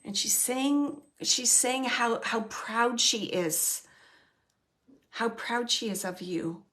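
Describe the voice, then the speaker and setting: A woman hosting a live mediumship reading, gently relaying spirit messages and often pausing to thank the spirit. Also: a little high. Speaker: psychic medium and show host.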